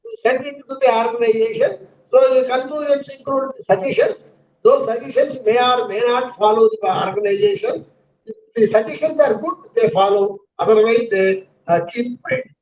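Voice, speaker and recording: Man, Indian English accent, high voice, halting lecture, lo-fi call audio. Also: darkish tone. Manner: halting, many fillers and repeated list items. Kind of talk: online counselling lecture. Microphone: video call. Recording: dull lo-fi online audio.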